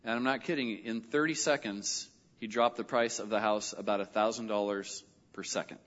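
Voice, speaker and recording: A middle-aged male pastor telling a personal story in a sermon, animated and lively when he quotes other people. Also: on the low side, moderate pace. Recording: dull audio with long hall reverb.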